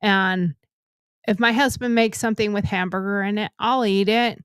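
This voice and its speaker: A woman's voice: mid-range voice, fairly even intonation, moderate pace, clear, resonant tone, no room sound, studio quality. A middle-aged woman co-hosting a podcast, chatting casually and laughing often while she tells stories. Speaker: podcast co-host. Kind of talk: casual chat.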